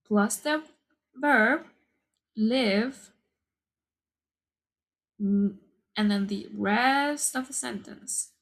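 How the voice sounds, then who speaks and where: A woman teaching an English grammar lesson, explaining patiently and deliberately, repeating the key points. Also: fairly high pitch. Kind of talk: slow, careful lesson explanation.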